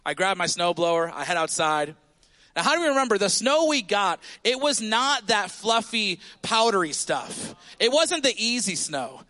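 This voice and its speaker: A man in his thirties preaching a sermon as pastor of a church, telling a story with animated call-outs to the congregation. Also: sits high. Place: church sanctuary.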